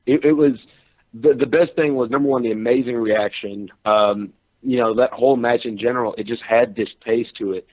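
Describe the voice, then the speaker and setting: A slightly hoarse man calling in to a show, chatting casually and rambling with fillers. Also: medium pitch, fairly even intonation, moderate pace. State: a little hoarse. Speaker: caller. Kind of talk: casual phone call-in chat. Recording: tinny phone line.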